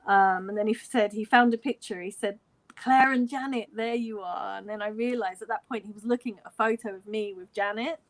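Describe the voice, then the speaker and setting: A woman in her forties from London, England, a fan, talks a little fast at medium pitch while retelling a story over video call. It's a lively, casual account, peppered with quoted speech and plenty of laughs.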